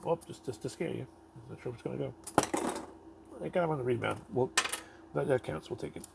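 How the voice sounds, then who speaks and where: A man's voice: mid-range voice, a little fast, creaky, heavy background noise. A man hosting a casual toy review, rambling offhand and swearing now and then.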